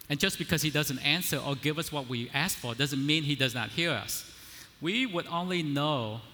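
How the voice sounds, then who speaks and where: A man's voice: medium pitch, sharp tone. A man preaching a sermon in a conversational way, often checking in with the listeners and building up to emphatic declarations. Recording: long hall reverb.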